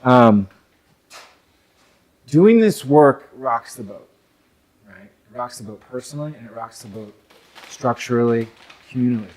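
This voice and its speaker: A man's voice: mid-range voice, animated, unhurried, pauses often, a little mellow. A young adult man from North America gives a reflective, conversational talk on men's work to a live audience, with many fillers and asides.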